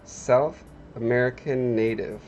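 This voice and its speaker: A man's voice: medium pitch, steady tone, measured pace, a little mellow, dull audio, slight background noise. A man hosting a livestream, chatting casually and joking with viewers. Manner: joking, wry, talks to chat viewers. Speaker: livestream host, artist.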